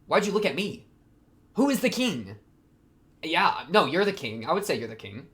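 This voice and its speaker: A slightly high-voiced man reacts to anime as he watches, in casual commentary. He talks straight to the screen, muttering his guesses one moment and bursting out in excited exclamations the next. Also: normal speed. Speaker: reaction video host.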